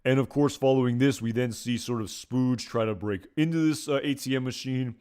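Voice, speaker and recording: A man's voice: mid-range voice, fairly quick, darkish tone, clean tone. A man giving casual episode commentary, rambling and hesitant with many fillers. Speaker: video commentator.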